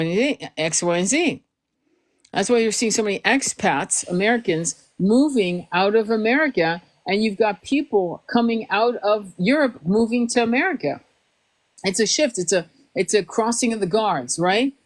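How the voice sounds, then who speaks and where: A woman's voice: mid-range voice, poor audio. A woman who does spiritual readings and hypnotherapy, talking casually with restarts, stretched words and some swearing.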